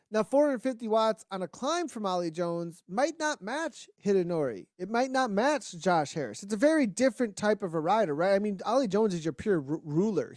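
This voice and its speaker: A man with a notably high voice breaks down riders' power numbers and tactics, and turns loud and urgent when a sprint is on. The sound is dry and close. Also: no echo. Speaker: esports cycling co-commentator. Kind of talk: race analysis commentary.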